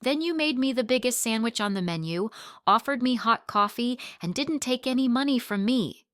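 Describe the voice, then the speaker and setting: A woman's voice: fairly high pitch, expressive, normal speed, a bit bright, dry recording, clean studio sound, voice pushed up. A woman playing a poised businesswoman. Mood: reminiscing. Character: poised successful businesswoman, kind and confident.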